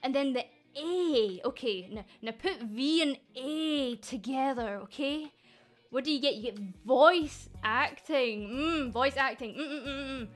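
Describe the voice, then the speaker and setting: A woman's voice: high voice, a little slow. A woman from Scotland who runs a VTuber agency, talking casually and sarcastically to her viewers and swearing freely. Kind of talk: casual stream chat.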